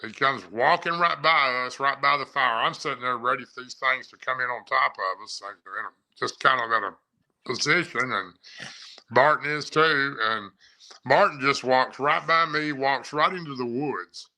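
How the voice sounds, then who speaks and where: Creaky yet pushed and bright, a man's mid-range voice comes through a low-quality recording at normal speed. Telling the story of an encounter he witnessed, he rambles casually and keeps repeating and restarting what he says.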